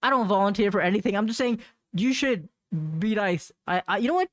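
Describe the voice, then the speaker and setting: A man's voice: sits high, brisk, fairly bright tone, no echo, clean studio sound. A man hosting a casual solo podcast, rambling with lots of fillers and restarts, slangy, and laughing at awkward moments. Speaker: podcast host.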